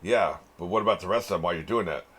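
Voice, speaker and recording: A man hosting an anime reaction channel, thinking out loud in casual commentary, swearing freely and chuckling often. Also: low-pitched, rapid-fire, breathy edge.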